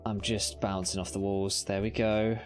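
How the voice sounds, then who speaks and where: A British man giving live commentary on a game as he plays, his voice sitting on the low side. He swings between loud cheering and whispered muttering, swearing casually and talking to himself. Faint music plays underneath. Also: little pitch movement, moderate pace. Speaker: streamer.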